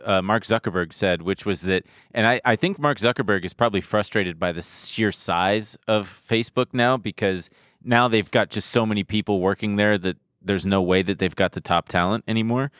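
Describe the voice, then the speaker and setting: Low-voiced guy riffing on a podcast, dry close sound, lots of uhs and jokes. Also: moderate pace, fairly bright tone, dry recording. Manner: joking, trails off with fillers. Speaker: podcast co-host. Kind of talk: casual chat.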